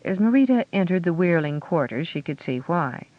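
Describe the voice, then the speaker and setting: A man narrating a fantasy audiobook with a steady storytelling delivery. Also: on the high side, normal speed, few pauses, no echo. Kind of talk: scripted narration. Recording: dull lo-fi audio.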